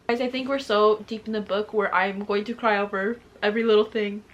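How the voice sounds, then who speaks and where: A woman's voice: medium pitch, steady tone, moderate pace, fairly bright tone. A woman making a casual reading vlog, reacting to a book with gushing emotion and talking straight to her viewers. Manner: gushing and emotional, often laughing and tearing up; chatty, addresses viewers directly. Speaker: book vlogger.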